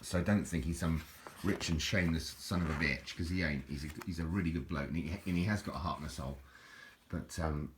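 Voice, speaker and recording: A man's voice: rumbling low, brisk, noisy background. A middle-aged man, rambling in a casual, jokey video monologue with frequent restarts. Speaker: vlogger.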